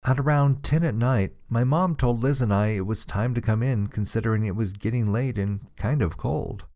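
Male storyteller with a mid-pitched voice, measured suspenseful delivery for spooky narration. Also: warm tone. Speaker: narrator of listener-submitted ghost stories.

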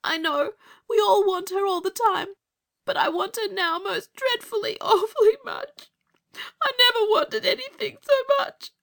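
A man voicing an upset young girl who is tearful and cross, in a high sobbing falsetto. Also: animated, moderate pace, vocal fry, hardly any pauses, sharp tone, heavily acted.

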